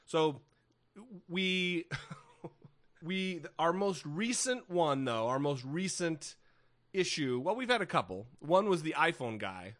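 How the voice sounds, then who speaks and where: A man's voice: on the high side, big pitch swings, slow, fairly bright tone, dry recording. A man co-hosting a podcast in casual chat, wry and rambling, swearing freely and restarting his sentences. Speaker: podcast co-host.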